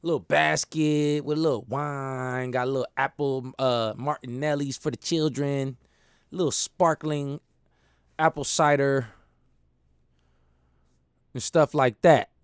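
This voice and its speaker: A man telling stories in a casual monologue, animated and laughing, using slang. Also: mid-range voice, slow, long pauses, clean tone, no room sound, studio quality. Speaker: host.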